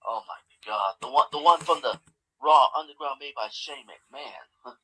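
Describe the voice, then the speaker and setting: Male co-host, husky, animated pitch, quick incredulous reactions. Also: rough recording. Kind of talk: casual chat.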